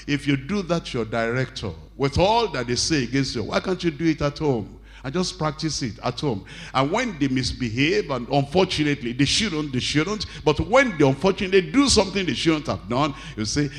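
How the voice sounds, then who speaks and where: A male pastor preaching a sermon, reading scripture slowly and acting out angry bosses and pleading wives. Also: animated. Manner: acts out quoted bosses and wives, shouting high and pleading soft; reads scripture slowly and deliberately.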